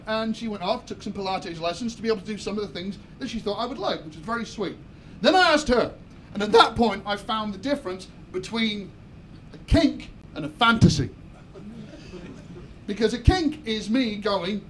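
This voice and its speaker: A man's voice: high voice, lively intonation, moderate pace, fairly bright tone. A young man with a Southwest English accent from Somerset, telling a chatty, self-mocking stand-up story on a club stage. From Somerset, England. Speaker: stand-up comedian. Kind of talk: stand-up comedy set. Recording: noisy live comedy club.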